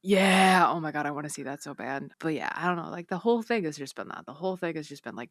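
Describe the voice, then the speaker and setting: A young woman chats as a podcast guest, her low-set voice bright and forceful and her delivery animated, with lots of "like" and restarts and a few curses thrown in. The sound is dry and close, with no room around it. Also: fast talker, no echo. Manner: animated, swears freely, many fillers and restarts. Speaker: guest, author of a book. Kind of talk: casual podcast chat.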